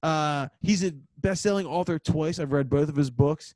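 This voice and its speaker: A man's voice: a little high, moderate pace, darkish tone, no echo. A young man joking playfully in casual chat, making mock-grand picks. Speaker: podcast co-host.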